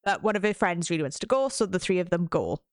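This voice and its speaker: A woman's voice: fairly low pitch, big pitch swings, quick pace, no echo, clean studio sound. A woman podcast host recapping a book in casual, chatty talk, swearing freely and saying "like" a lot. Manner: chatty and profane, heavy use of "like". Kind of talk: casual book recommendation chat.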